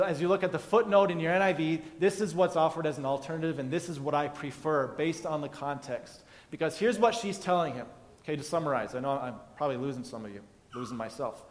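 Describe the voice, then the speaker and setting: A man's voice: on the high side, big-room sound. A male pastor preaching a conversational sermon, acting out the biblical characters' dialogue as he explains the passage.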